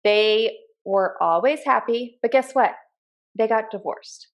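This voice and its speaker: A woman in her thirties co-hosting a podcast, telling personal stories in an earnest, animated way. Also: fairly high pitch, slow. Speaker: podcast co-host. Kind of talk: casual chat.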